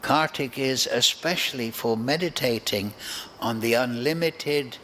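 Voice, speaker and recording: A man giving a devotional scripture class, speaking in a slow, deliberate and reflective way. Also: mid-range voice, bright, forceful tone, a little hiss or hum. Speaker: spiritual teacher.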